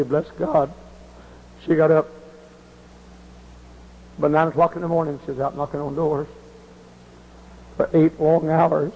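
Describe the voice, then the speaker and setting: A man preaching a revival sermon, hollering and full of feeling as he tells his stories. His voice sits fairly high and is husky with a gravelly edge. The recording sounds dull and muffled. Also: in a large hall. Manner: hollering, impassioned storytelling. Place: before a large congregation.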